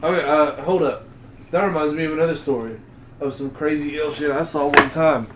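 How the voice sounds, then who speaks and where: A man's voice: fairly high pitch, fairly quick, very noisy. A man co-hosting a podcast, chatting and joking in a laid-back way. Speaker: podcast co-host. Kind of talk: casual chat and storytelling. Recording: roomy echo.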